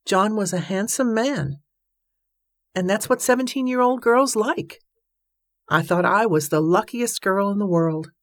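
A woman's voice: medium pitch, a little slow, dry recording, clean studio sound, close to an everyday voice. A woman voicing a frank young widow who talks bluntly and wryly, in a storybook reading. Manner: blunt, wry, forthright.

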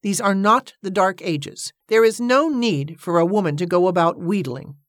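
A woman's voice: mid-range voice, normal speed, no echo, studio quality, voice pushed up, lightly acted. A woman voicing a bossy, impatient lady who gives firm orders and insists on getting her way, in a storybook reading. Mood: commanding. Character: bossy, imperious middle-aged woman organizer.

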